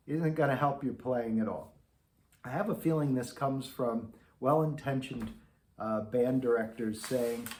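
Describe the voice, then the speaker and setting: A man in his own relaxed teaching voice talks beginners through trombone basics, unhurried and friendly in manner. His voice sits at an ordinary pitch. The room around him rings with noticeable echo. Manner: easygoing, conversational, demonstrating as he talks. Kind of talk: relaxed instructional talk to camera. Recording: echoey room.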